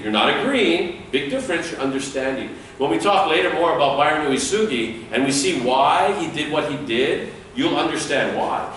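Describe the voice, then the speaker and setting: Animated man lecturing in an echoey room. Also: mid-range voice, slight background noise. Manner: lively, demonstrates dialogue with acted lines. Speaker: security trainer. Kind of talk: classroom training lecture. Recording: echoey room, speaker far from mic.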